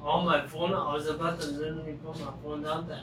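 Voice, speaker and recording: A podcast regular with a slightly high, level voice talks fast, bluntly giving his side of a story and swearing often in casual chat. The far-off mic picks up an echoey room with clear background noise.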